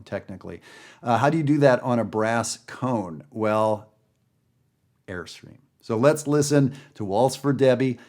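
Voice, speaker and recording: A man's voice: medium pitch, a little mellow. A man teaching a casual guided jazz listening lesson, chatty and enthusiastic with frequent fillers. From Northern Virginia area. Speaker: jazz educator. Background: jazz record playing.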